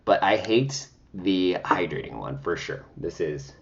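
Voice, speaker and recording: A man's voice: deep voice, expressive, measured pace, creaky, muffled recording. A man talking chattily and dramatically at home while he reviews makeup, full of sassy exclamations. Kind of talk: casual makeup review vlog.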